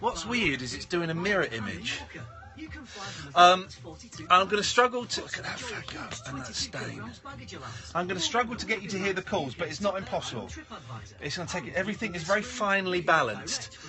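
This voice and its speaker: Cheeky high-voiced radio host. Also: male voice, normal speed, music in the background. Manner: cheeky, excitable, bursts into shouting. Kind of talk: casual banter on a live stream. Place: radio station offices and studio.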